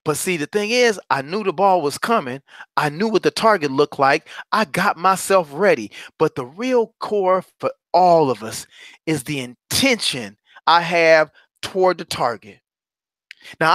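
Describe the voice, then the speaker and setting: A man giving an animated, playful motivational talk in a preacher-like delivery. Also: high-pitched, normal speed, dry recording, studio quality. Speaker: motivational speaker.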